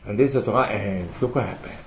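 A man's voice: fairly low pitch, fast talker, background noise. A man teaching a religious class, asking rhetorical questions and quoting Hebrew sources with emphasis. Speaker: rabbi teaching a Torah class. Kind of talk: religious lecture.

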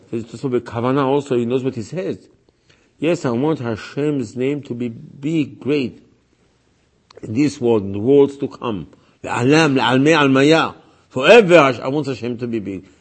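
Rabbi guy teaching a class, kinda husky voice, hammers his points over and over. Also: mid-range voice, normal speed. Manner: emphatic, repeats points, acts out quoted voices. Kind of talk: religious lecture.

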